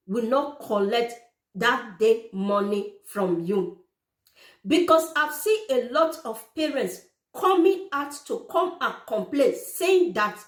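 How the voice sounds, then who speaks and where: A woman giving other parents earnest, repetitive step-by-step advice in direct address. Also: a little high. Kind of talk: informal how-to explainer. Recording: echoey room.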